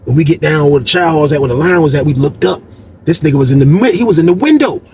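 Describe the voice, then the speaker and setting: A man telling a story from prison life in a casual, animated way, acting out what people said with sudden jumps in voice. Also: quick pace, a little hiss or hum. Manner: animated, acts out quotes with big pitch jumps.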